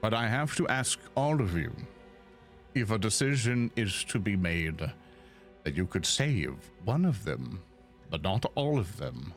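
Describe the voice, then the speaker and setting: A man voicing a formal, scheming male noble who speaks in a low, measured tone. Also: very animated, faint music behind.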